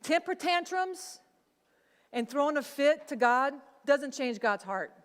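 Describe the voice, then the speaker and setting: Woman pastor, casual sermon, higher voice, long hall reverb. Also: expressive, slow pace. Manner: conversational, acts out quoted voices.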